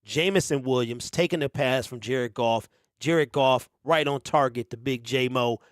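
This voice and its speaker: A man hosting a casual sports talk stream, animated, who exclaims and repeats himself. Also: mid-range voice, measured pace, no echo, studio quality. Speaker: sports show host.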